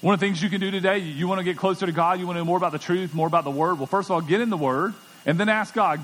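A man's voice: high voice, racing, a bit bright. A middle-aged man preaching a sermon as pastor, conversational and emphatic, often repeating words as he goes. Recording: long church hall reverb.

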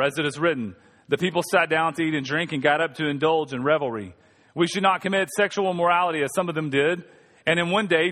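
A man preaching a sermon as pastor, reading scripture and joking with the congregation. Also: a little high. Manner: joking, animated preaching with audience asides. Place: church sanctuary. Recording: long reverb of a church hall.

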